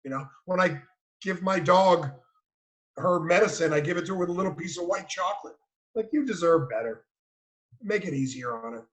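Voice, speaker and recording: A man's voice: sits high, lively intonation, normal speed, poor audio. A man co-hosting a webinar, giving his take in a frank, informal way. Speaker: webinar co-host. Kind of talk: casual discussion.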